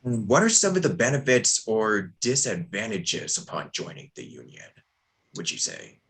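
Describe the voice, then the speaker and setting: A man's voice: lowish voice, wildly swooping pitch, normal speed, creaky, fairly bright tone. A man hosting a podcast interview over a video call, asking long, hesitant questions full of fillers. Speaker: podcast host.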